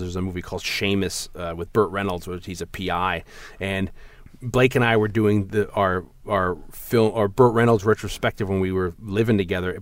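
A man co-hosting a casual podcast chat about movies, rambling through stories and acting out quotes in a raised voice. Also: dry recording. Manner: rambling, animated, acts out quotes in a higher voice. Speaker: podcast co-host.

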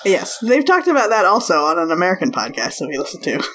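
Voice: medium pitch, very animated, fast, a bit bright. A podcast co-host chatting casually, with short, dry reactions. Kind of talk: casual chat.

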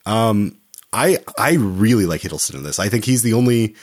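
A man's voice: on the low side, expressive, moderate pace. A man co-hosting a film podcast, talking casually with many restarts and fillers. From Oklahoma, USA. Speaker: podcast co-host.

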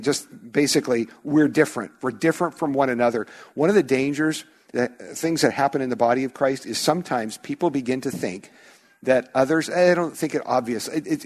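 A male pastor preaching a sermon in a church, talking conversationally and acting out little quoted voices of his listeners. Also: mid-range voice. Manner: conversational, animated with acted-out quotes.

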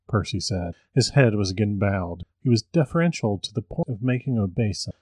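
A man who hosts a podcast, reading a story aloud in an even, measured way. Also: lowish voice, slightly rough, no echo.

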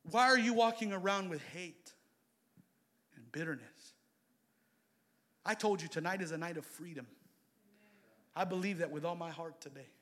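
A man preaching with a high, bright voice. He builds to loud, shouted exhortations, then falls back to quiet, intimate asides. He delivers it as a passionate church sermon. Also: normal speed, long pauses.

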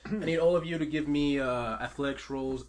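A man running a tabletop game as game master, narrating scenes and asking for rolls, animated and laughing easily. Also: mid-range voice, normal speed. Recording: faint background noise.

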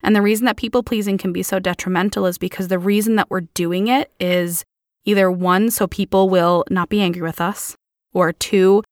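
A woman co-hosting a podcast explains an idea calmly and in order, counting her points off one by one. Her voice is mid-pitched and the sound is dry and close. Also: moderate pace, no echo. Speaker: podcast co-host. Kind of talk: explanatory talk.

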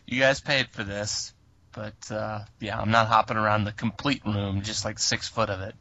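A man's voice: lowish voice, steady tone, moderate pace, pushed and bright, lo-fi sound, a little hiss or hum. A man chatting loosely as a podcast co-host about a film, laughing along. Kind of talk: casual chat.

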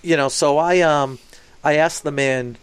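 A man's voice: fairly high pitch, measured pace, smooth. A man co-hosting a podcast, telling a casual story and acting out the people he quotes. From Boston. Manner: animated, acts out quoted voices. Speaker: podcast co-host.

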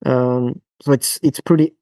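With a mid-range, steady voice and a dark tone, a man from France talks as a physiotherapist guest in a podcast interview. His French accent comes through as he speaks haltingly with many fillers and restarts, and there's no room sound.

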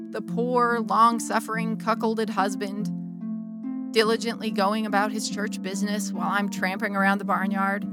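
A woman's voice: on the high side, close to an everyday voice. An actress playing a middle-aged churchgoing wife who confesses an affair to her bishop, wry and candid, with sudden bursts of feeling. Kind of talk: dramatic monologue.

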